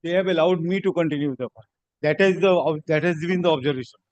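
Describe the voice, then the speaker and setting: A man's voice: fairly high pitch, fast talker, darkish tone, no echo, lo-fi sound. A man objecting briefly and insistently as opposing counsel in a courtroom. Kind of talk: courtroom argument.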